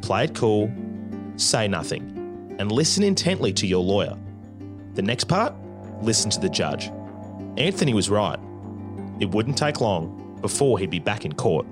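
A man's voice: lowish voice, big pitch swings, a little slow, long pauses. A male narrator reading a scripted documentary voice-over in a wry, dramatic way. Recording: narration over loud guitar music.

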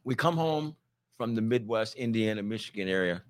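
A middle-aged man from Ohio spins an easygoing road story about touring with a band. His pitch moves freely as he quotes the people he met. Relaxed, conversational chat. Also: normal speed. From Ohio, near Youngstown.

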